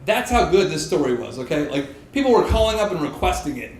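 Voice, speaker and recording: A man telling a true personal story on stage, animated and self-mocking, laughing through his lines. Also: on the high side, a little fast. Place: stage in a pub. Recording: echoey live room, faint crowd noise.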